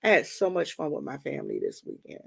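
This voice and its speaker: A woman's voice: sits low, huge pitch swings, fast, creaky, breathy edge. A woman from Washington, D.C. hosting a livestream, chatting casually with viewers and telling stories, calling them y'all. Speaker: livestream host.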